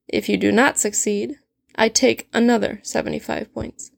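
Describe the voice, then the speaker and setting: A woman's voice: on the high side, steady tone, normal speed, vocal fry, no room sound. Woman reading as a snide cold male professor in a storybook reading, clipped, cutting, dry close sound. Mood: cold, scornful. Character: stern sardonic male potions professor.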